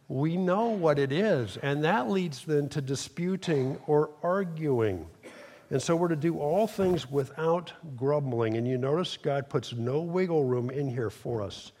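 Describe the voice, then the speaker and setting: A middle-aged pastor preaches with a slightly raised pitch, pushing each point hard and pausing for the congregation to answer back. His voice rings out with a long reverb through a church sanctuary. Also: lively intonation, darkish tone. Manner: emphatic call-and-response preaching. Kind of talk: sermon.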